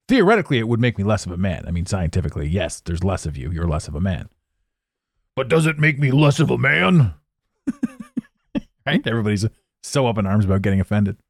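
Animated, rambling man podcasting. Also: medium pitch, dry recording, studio quality. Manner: animated, swearing, laughing at his own jokes. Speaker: podcast host. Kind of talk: rambling solo podcast monologue.

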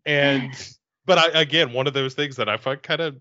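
A man with a bright, forward voice chats easily on a podcast, pausing and hedging his way through thoughts. The sound is dull and dry. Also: medium pitch, dry recording. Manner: relaxed, hesitant, with fillers. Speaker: podcast co-host. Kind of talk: casual chat.

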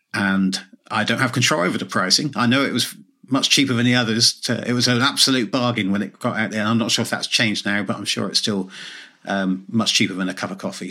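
A man talking casually as a guest on a podcast, poking fun at himself and laughing easily. His voice is fairly low in pitch yet bright and forward in tone. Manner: self-deprecating, joking, laughs often. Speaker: guest author. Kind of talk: casual interview chat.

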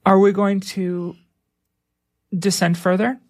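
A woman co-hosting a radio talk show, chatting casually with halting restarts and easy laughter. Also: medium pitch, level tone, darkish tone. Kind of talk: casual on-air chat.

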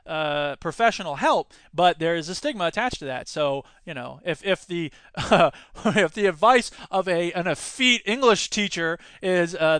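A man's voice: a little high, a bit bright, clear, resonant tone, no room sound. A man hosting a solo podcast, giving opinionated, digressive commentary with self-deprecating asides. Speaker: podcast host.

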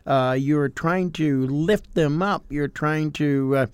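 A man's voice: a little high, slow pace, clean tone, no echo. An older man, a pastor co-hosting a podcast, explaining in casual chat and acting out quotes. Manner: explains with acted-out quotes, animated.

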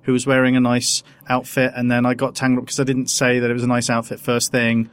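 A man's voice: medium pitch, completely flat delivery, fast talker, fairly bright tone, smooth. A man chats casually as a podcast co-host. He rambles and restarts his sentences often, trailing through one point after another. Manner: hesitant, rambling with many restarts. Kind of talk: casual chat.

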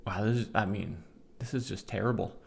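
A man's voice: on the low side, fairly even intonation, a little fast, gravelly, husky. A man in his forties hosting a casual solo podcast, reading out comments and adding sarcastic commentary. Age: 40s. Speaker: podcast host.

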